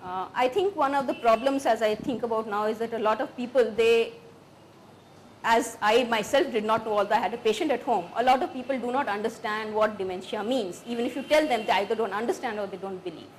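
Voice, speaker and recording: A woman's voice: fairly high pitch, fairly quick, a little hiss or hum. A woman speaking earnestly about caring for her mother, in a recorded personal account. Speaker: family caregiver.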